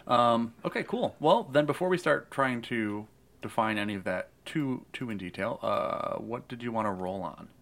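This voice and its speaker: A man's voice: medium pitch, animated, moderate pace, vocal fry, fairly bright tone. A man hosting a casual podcast chat, easygoing and a little hesitant as he guides a character build. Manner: easygoing, hesitant, many restarts. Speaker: podcast host guiding character creation. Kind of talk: casual chat about tabletop game planning.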